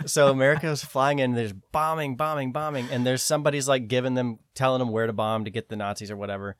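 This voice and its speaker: A man co-hosting a podcast in casual chat, animated and sometimes breaking into shrill mocking voices. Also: fast, smooth, dry recording, studio quality. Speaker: podcast co-host.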